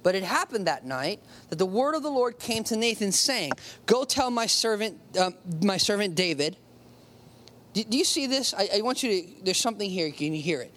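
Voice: medium pitch, very animated, moderate pace, fairly bright tone. Conversational preacher stressing key words. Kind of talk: sermon with Bible reading.

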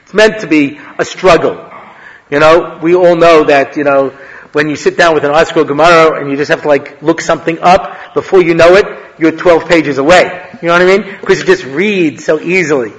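A male rabbi giving a humorous Torah lecture, an animated storyteller who laughs at his own jokes. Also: on the high side, normal speed. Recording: long reverb of a hall.

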